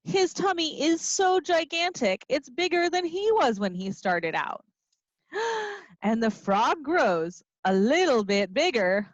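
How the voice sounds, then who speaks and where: A woman teacher reading a picture book and singing to young children in an expressive, playful way, with little gasps and asides. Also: high voice, takes it slowly, no echo. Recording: dry, slightly dull lo-fi sound.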